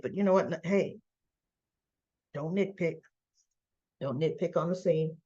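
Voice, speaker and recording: A woman's voice: deep voice, measured pace, long pauses, mellow, highs cut off. A woman casually retelling a soap opera episode, chatty and quoting the characters as she goes.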